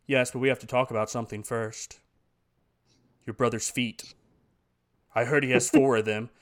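A man voicing Jesus in a lowered, solemn voice with deadpan delivery, retelling a film scene. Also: moderate pace, close to an everyday voice. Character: serious, deadpan male Jesus.

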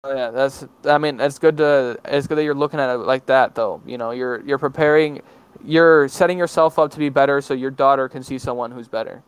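A man's voice: mid-range voice, brisk, clean tone, no echo, poor audio. A young man of nineteen chatting casually as a podcast guest, hesitant and full of fillers and restarts. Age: teens. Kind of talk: casual chat.

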